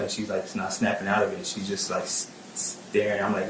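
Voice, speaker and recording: A man testifying as a witness in court, halting, repeating words and filling gaps with "like" and "um". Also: on the low side, level tone, roomy sound, slight background noise, low-quality recording. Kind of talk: plain spoken testimony.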